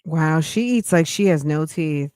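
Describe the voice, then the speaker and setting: A woman's voice: low voice, measured pace, mellow, clean tone, no echo, clean studio sound. Blunt, mocking woman streamer. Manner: blunt, mocking, talks back at the clip. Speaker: reaction streamer host. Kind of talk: casual reaction commentary.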